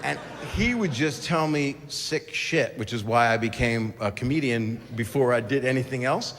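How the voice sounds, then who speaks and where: A man's voice: mid-range voice, moderate pace, a bit bright. A middle-aged man doing a rambling, crude stand-up routine with constant asides. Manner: crude, digressive, self-interrupting asides. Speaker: stand-up comedian. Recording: reverberant hall with crowd ambience.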